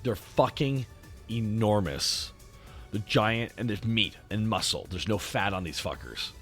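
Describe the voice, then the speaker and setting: A man's voice: on the low side, lively intonation, a little slow, a bit bright, faint music behind. A Canadian man with a Canadian accent, hosting a stream in rambling casual chat, swearing freely and restarting his sentences. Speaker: streamer host.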